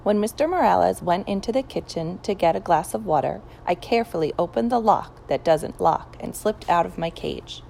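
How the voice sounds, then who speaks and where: Expressive woman reading a children's book. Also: lowish voice, moderate pace, gravelly, hardly any pauses, slight background noise, low-quality recording. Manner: expressive storytelling. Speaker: audiobook narrator. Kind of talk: children's audiobook narration.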